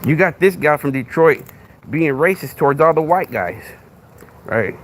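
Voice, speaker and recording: On a live stream, a Texan-accented man who hosts a podcast takes on a commenter with a string of rhetorical questions. His slightly high voice is animated at normal speed, and there's a little background noise.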